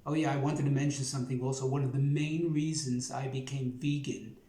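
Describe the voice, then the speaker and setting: A man's voice: mid-range voice, steady tone, a little fast, dark tone. A man in his seventies with a Brooklyn accent, telling his life story in a rambling, folksy way, full of fillers. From Brooklyn, New York. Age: 70s. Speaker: YouTube host. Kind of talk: personal storytelling. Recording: roomy echo.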